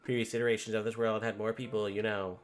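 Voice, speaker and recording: A man voicing an apologetic computer program that runs a game world, explaining itself in an earnest, halting way. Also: on the low side, flat delivery, faint music behind, close to an everyday voice.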